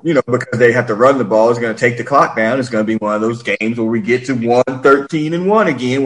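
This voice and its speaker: A man hosting a casual sports chat, rambling and animated, often acting out what players say. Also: mid-range voice, rough recording.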